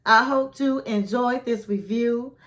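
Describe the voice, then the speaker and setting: A woman with a fairly high voice gives a chatty recap of a reality show. She acts out each quote in an animated way. Between the quotes she adds blunt comments of her own. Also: slow. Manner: animated retelling, acting out quotes, chatty asides. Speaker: recap vlogger.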